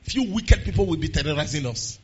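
A man with a Nigerian accent preaching a sermon to his church, moving between quiet talk and shouted prayer. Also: fairly high pitch, lively intonation, brisk, breathy edge, highs cut off. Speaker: pastor. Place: church service.

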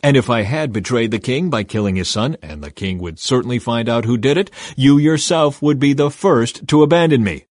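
A man's voice: mid-range voice, animated, moderate pace, few pauses, a little mellow, no echo, clean studio sound, lightly acted. A man narrating voices a loyal soldier who answers firmly and earnestly. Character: loyal, blunt male soldier.

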